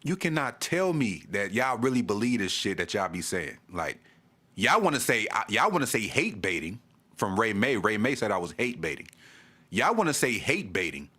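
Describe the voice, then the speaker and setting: A man's voice: fairly low pitch, very animated, moderate pace, pushed and bright. A man vlogging a fan rant, exasperated, repeating himself and stammering as he restarts. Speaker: sports vlogger. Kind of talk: ranting fan commentary to camera.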